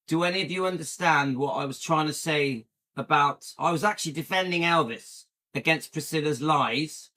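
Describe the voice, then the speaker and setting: Emphatic man, slightly high voice. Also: a bit bright. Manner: emphatic, repetitive, addresses viewers directly. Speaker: YouTube channel host. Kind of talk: casual direct-to-camera talk.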